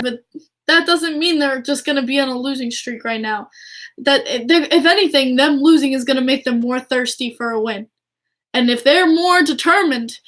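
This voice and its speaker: A young woman chatting casually to her viewers, excitable and gushing, often restarting her sentences. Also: high voice. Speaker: hockey fan vlogger. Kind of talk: casual chat to camera.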